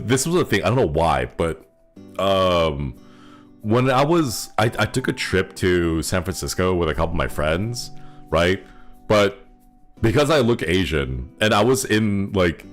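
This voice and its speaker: A man with a lowish voice chats casually on his stream, his pitch swinging up and down in animated bursts. He rambles, breaks into frequent laughs and thanks viewers along the way. Quiet music plays faintly behind him. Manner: giggly, rambling, laughs often.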